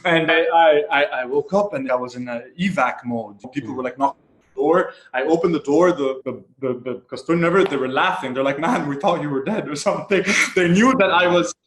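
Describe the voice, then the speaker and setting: A man's voice: fairly high pitch, fairly quick, a bit bright. Reflective man from Egypt in a roomy space. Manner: reflective and confessional, with frequent restarts. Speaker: podcast guest. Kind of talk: candid personal storytelling. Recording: roomy echo.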